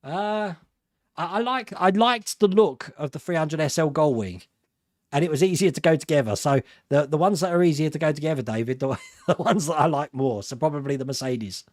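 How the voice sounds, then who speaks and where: Hosting a live stream, a middle-aged British man with a British accent rambles through viewer comments in a fairly high, animated, darkish voice that runs a little fast. The recording is dry and studio quality, and he laughs often, poking fun at himself.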